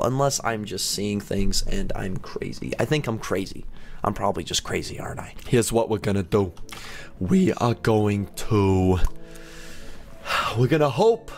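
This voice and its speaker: A young man giving excitable live commentary on an online game, talking to the players on screen as he plays. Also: on the low side, a little slow, vocal fry, soft background music. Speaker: gaming YouTuber.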